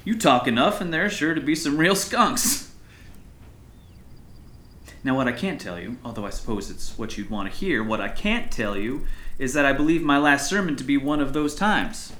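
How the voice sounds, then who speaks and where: A man's voice: medium pitch, animated, moderate pace, a bit bright, slight background noise, close to an everyday voice. Guy doing a folksy preacher, middle-aged, talks a lot, easygoing mid-range voice, kind of earnest. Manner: chatty, folksy, calls others son. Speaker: small-town pastor. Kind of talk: audio drama acting.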